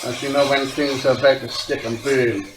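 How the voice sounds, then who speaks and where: A man's voice: medium pitch, level tone, moderate pace. A young man chatting casually as he cooks at home, explaining each step of his recipe. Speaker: home cook. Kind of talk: casual cooking tutorial. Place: home kitchen. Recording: echoey kitchen from far off, noisy.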